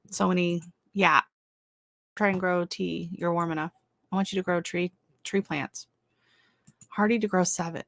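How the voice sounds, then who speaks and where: On her own livestream, a middle-aged woman from Canada reads viewer comments in a loose, rambling way, full of fillers and false starts. Her voice is lowish and a bit bright, recorded at studio quality with no room sound.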